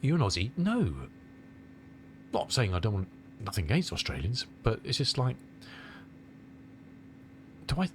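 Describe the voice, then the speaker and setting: A middle-aged man from England, slightly under the weather with a cold, talks loosely with his stream chat. His voice sits low but swings widely in pitch as he rambles through the viewers' questions. A faint rumble hums behind him. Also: big pitch swings, unhurried, long pauses. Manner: rambling, chatty, answers chat aloud. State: has a cold. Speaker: flight sim streamer.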